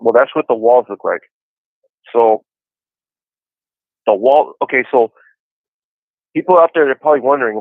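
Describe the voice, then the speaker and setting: A man's voice: mid-range voice, normal speed, pauses often, no room sound. Guy in his 40s calling in from prison on a tinny phone line, laid back, lots of you knows, dry sound. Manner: easygoing storyteller, many "you know" fillers. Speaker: incarcerated caller on a podcast. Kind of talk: casual phone chat. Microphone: phone handset.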